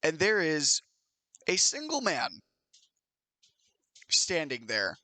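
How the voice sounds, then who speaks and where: Slow, lively game-master narrator, a man. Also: on the high side, dry recording. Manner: slow, lively storytelling with shouted character lines.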